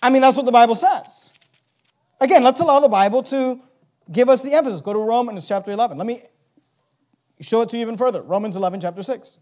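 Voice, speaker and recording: A man with a very high voice delivers an emphatic sermon. He leans hard on key words and puts rhetorical questions to his listeners, pausing to read verses aloud. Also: a little mellow. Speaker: preacher.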